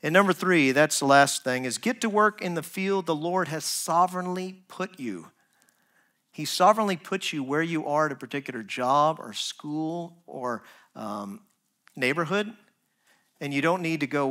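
A man preaching a sermon as pastor, earnest, rising to emphatic points and dropping to soft, quiet asides. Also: a little high, animated, moderate pace. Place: church.

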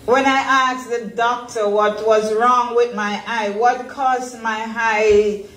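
A woman's voice: fairly high pitch, fairly even intonation, slow pace, fairly bright tone. A woman pastor leading a Bible study sermon, earnest and emotional, laughing often as she talks. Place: church worship center. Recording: echoey church room.

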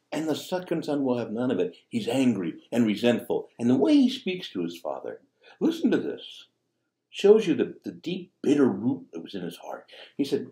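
A man's voice: mid-range voice, wildly swooping pitch, moderate pace, warm tone. A man preaching a sermon as a priest, speaking conversationally and tossing in rhetorical asides. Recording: echoey room.

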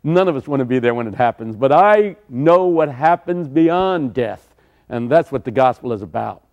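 An older man preaching a sermon, telling stories dramatically with sudden shouts. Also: medium pitch, expressive, moderate pace, muffled recording. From United States.

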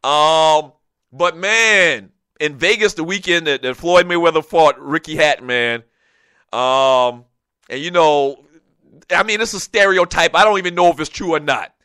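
A man with a forward voice, high for a male, hosts a casual sports talk show, telling long, animated stories full of asides. His delivery is unhurried and smooth, and the recording is dry and close.

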